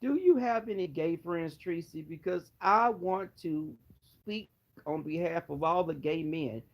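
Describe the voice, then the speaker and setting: A man's voice: on the high side, unhurried, dull audio. A man vlogger roasting someone in a sassy, dramatic way. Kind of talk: sassy commentary.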